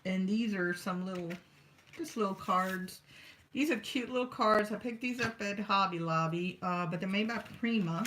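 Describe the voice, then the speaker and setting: A chatty woman talks her way through a crafting session at home, wandering from one thought to the next and muttering to herself as she works. Her voice sits at an easy middle pitch, and a faint hiss runs under the recording. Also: moderate pace, a bit bright. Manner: rambling, chatty, talks to herself while working. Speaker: craft vlogger. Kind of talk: casual crafting chat.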